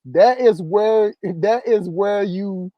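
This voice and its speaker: A man's voice: sits high, slow pace, no room sound, lo-fi sound. A man hosting a casual livestream, reading chat comments and telling stories in a loose, repetitive, laughing way. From southern US countryside. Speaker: livestream host.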